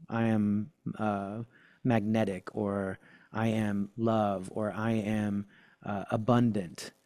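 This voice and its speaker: A man's voice: fairly low pitch, darkish tone, no room sound, clean studio sound. A man guesting on a podcast, talking enthusiastically in casual conversation and stressing key words emphatically.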